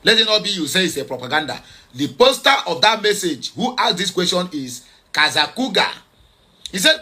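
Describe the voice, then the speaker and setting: A man's voice: sits high, big pitch swings, moderate pace, sharp tone. A man commenting on social media posts, hesitant with many fillers and self-corrections, repeating points urgently. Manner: repetitive, urgent. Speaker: online news commentator.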